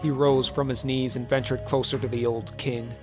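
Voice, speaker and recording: Guy reading out an epic story, measured and vivid, soft music in the back. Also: mid-range voice, level tone. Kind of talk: dramatic story narration.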